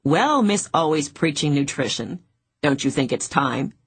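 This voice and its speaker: A woman voicing an easygoing older brother who teases his sister gently in an audiobook. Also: low voice, unhurried, slightly rough, dry recording, full character voice. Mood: teasing. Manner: teasing, relaxed.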